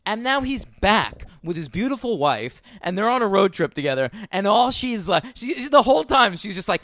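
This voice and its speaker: A high, lively-voiced man co-hosts a casual film podcast. He banters fast with crude jokes. The sound is close and dry. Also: no echo. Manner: joking, profane, quick banter. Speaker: podcast co-host. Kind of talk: casual film review chat.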